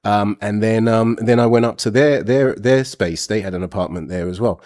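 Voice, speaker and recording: A man's voice: on the low side, moderate pace, a little mellow. A man hosting a show, telling a frank personal story in a blunt, rambling, casual way.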